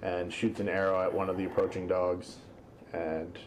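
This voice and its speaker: A man's voice: sits low, moderate pace, rough recording. A man playing in a tabletop game, joking and bantering casually. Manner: jokey, animated banter. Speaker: player. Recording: clear background hiss.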